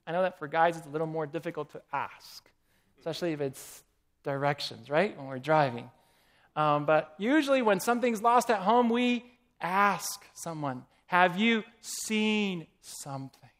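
A man's voice: a little high, lively intonation, normal speed. A man preaching a sermon, asking the congregation questions and reading quotations aloud.

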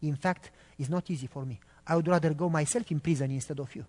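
A man playing a calm, wise father who gives advice softly and gently. A long hall reverb surrounds the quiet voice. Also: fairly high pitch, fast talker, pitched below the performer's own voice, close to an everyday voice. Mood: gentle.

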